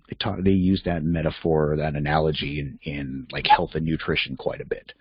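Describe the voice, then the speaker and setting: A man's voice: sits low, expressive, brisk, hardly any pauses, breathy edge, dry recording, muffled recording. A man hosting a reflective self-help talk, candid and conversational, thinking aloud as he goes. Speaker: podcast host and life coach.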